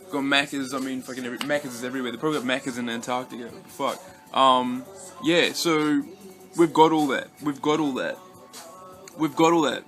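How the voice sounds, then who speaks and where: A young Australian man chats loosely into his camera, his voice pitched around the middle. He wanders off track, swears freely and trips over his own words, with soft music playing in the background. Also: fairly quick. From Western Australia. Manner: rambling, heavy swearing, many restarts and fillers. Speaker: vlogger. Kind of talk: casual rambling vlog chat.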